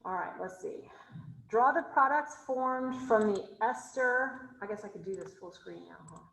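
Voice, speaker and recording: A woman's voice: on the high side, moderate pace, vocal fry, a bit bright, reverberant, rough recording. Woman teacher quizzing her class online. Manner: asks students questions, thinks aloud while drawing. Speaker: chemistry instructor. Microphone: video call.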